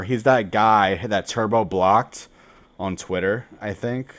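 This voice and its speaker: A man's voice: lowish voice, animated, a little fast. Foul-mouthed young male game streamer. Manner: profane, trash-talking, swinging from mumbles to shouts. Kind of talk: live gameplay commentary.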